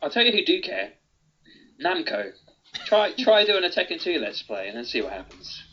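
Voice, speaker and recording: A man's voice: a little high, very animated, moderate pace, pushed and bright, slightly rough. A man co-hosting a casual podcast, joking and laughing often. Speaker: podcast co-host. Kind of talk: casual chat. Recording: dull lo-fi sound.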